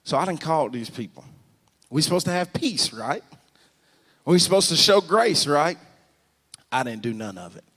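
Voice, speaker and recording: High-voiced preacher in a reverberant church. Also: male voice, moderate pace, long pauses, slightly rough. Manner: animated, swings to shouting, addresses the congregation directly. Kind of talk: storytelling sermon. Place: large church sanctuary.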